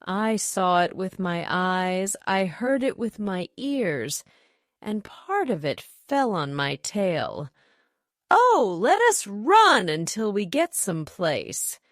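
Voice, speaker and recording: A woman's voice: medium pitch, sing-song, slow pace, a bit bright, no room sound, studio quality. A woman voicing a small, panicky female chick in a storybook, urgent and alarmed.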